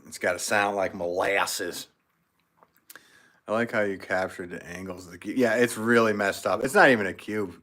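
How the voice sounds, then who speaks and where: A man's voice: low-pitched, steady tone, normal speed, fairly bright tone. A man with an American accent hosting a casual pottery livestream, reading out viewer comments and joking with a frequent chuckle. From United States. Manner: jokey, chuckles often.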